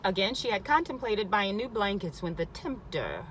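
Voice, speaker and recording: A woman's voice: medium pitch, expressive, normal speed, fairly bright tone, slight background noise, low-quality recording. Emphatic woman reading a spiritual book. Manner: emphatic, stops to repeat and comment. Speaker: reader.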